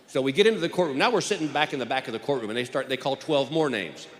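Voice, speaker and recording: A man doing stand-up in a big hall races through a story very fast, voicing each character himself in his mid-range voice. The clip is from a live show, with the audience audible.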